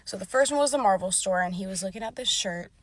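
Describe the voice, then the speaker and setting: A woman's voice: mid-range voice, animated, quick pace. A young woman telling a casual storytime about a bad date, chatty, full of "like" and swearing freely.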